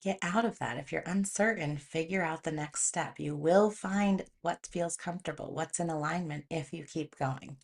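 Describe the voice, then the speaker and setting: A woman's voice: low voice, moderate pace, vocal fry, few pauses. A woman hosting a motivational talk, speaking in a conversational way and telling stories with animation. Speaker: host.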